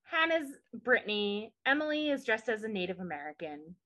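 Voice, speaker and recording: A woman's voice: medium pitch, big pitch swings, brisk, bright, forceful tone. A woman co-hosting a podcast, chatting casually and opinionatedly as she recaps a show, with many asides. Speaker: podcast co-host.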